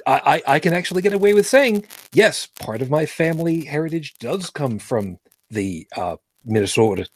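Husky man hosting a rambling stream. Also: fairly high pitch, expressive, moderate pace. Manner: rambling, trails off and restarts, swears offhand. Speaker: host. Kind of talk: casual chat on a livestream panel.

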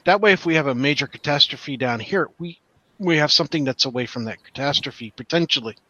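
A man with a bright, forceful voice talks bluntly and casually as a co-host, swearing now and then. His sound is dry and close, with a slightly dull, lo-fi microphone. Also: mid-range voice, fairly quick, dry recording. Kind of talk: casual live-stream discussion.

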